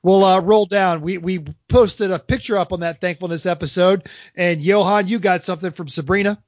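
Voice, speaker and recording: A man's voice: high voice, steady tone, moderate pace, no echo, muffled recording. A man co-hosting a casual podcast, dropping wry jokey asides. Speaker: podcast host.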